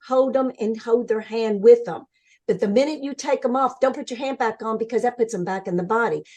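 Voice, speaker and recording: An older woman as an interview guest, telling her story in an earnest, animated way and acting out what others said. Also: fairly high pitch. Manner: earnest, animated storytelling, acts out quoted voices. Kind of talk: conversational interview.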